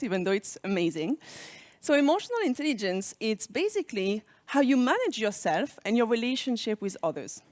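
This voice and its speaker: A woman's voice: medium pitch, no room sound, studio quality. A woman from France with a French accent, giving an engaging conference keynote and asking the audience reflective questions. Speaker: speaker on leadership.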